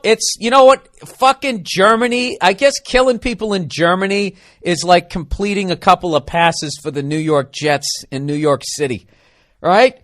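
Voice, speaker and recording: A man with a somewhat high voice rants in a rambling comedic monologue, excitable and profane, often mocking himself. He talks close to the mic in a dry, dead room. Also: normal speed, dry recording. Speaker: podcast host.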